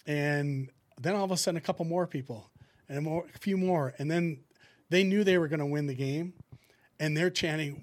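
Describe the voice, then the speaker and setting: A middle-aged man, a former hockey goalie, telling lively stories in a casual chat and acting out what people said. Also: fairly high pitch, brisk. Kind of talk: casual storytelling in a podcast chat.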